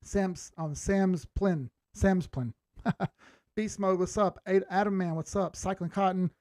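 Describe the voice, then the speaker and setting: A man hosting a live crypto chart stream, chatting casually as he reads out viewer comments, blunt and quick to swear, often laughing. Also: high-pitched, a little mellow, dry recording, studio quality.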